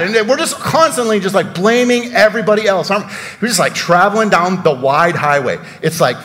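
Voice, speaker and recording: A man's voice: high-pitched, lively intonation, a little fast, pushed and bright, big-room sound. A man preaching a sermon in a church, conversational and full of rhetorical questions and sarcastic asides. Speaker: pastor.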